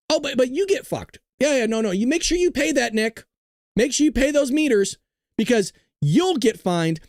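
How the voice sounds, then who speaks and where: A male livestream host rants and jokes, swearing freely as he reacts to the chat. His pitch swings widely and animatedly. The recording is dry, with the mic close. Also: dry recording. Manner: loud, ranting, profane, jokey. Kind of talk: profane live-stream rant and chat.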